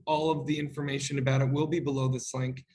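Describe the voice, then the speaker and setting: A man's voice: mid-range voice, level tone, fast talker, darkish tone, low-quality recording. A man hosting an interview, effusive and emotional as he praises his guest and shares a personal story. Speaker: interview host. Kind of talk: casual interview chat.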